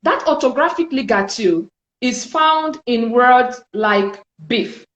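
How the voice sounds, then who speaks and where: A woman teaching French in a spoken lesson, explaining slowly and deliberately and repeating sounds for her learners. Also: fairly high pitch, expressive, a bit bright, roomy sound, poor audio.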